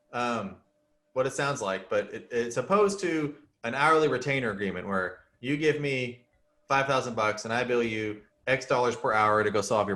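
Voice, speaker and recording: A man's voice: mid-range voice, fairly bright tone. A man hosting a casual chat as a criminal defense lawyer, easygoing and joking, explaining things plainly with everyday examples.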